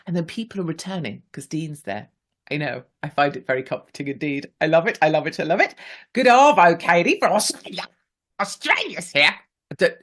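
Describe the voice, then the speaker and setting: A woman's voice: deep voice, husky. A woman in her forties hosts a radio talk show. She is chatty and playful and reads listener messages aloud in a casual monologue. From England.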